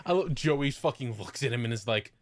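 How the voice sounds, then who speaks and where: A man's voice: mid-range voice, animated, fairly quick, no room sound. A man co-hosting a casual podcast chat, joking and swearing freely, recorded on a home mic. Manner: joking, swears a lot, jumps into silly quoted voices. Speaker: podcast co-host.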